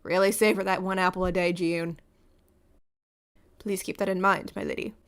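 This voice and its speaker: Woman voicing a polite, formal manservant; slightly lowered, restrained. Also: fairly even intonation, normal speed, gravelly. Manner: formal, courteous.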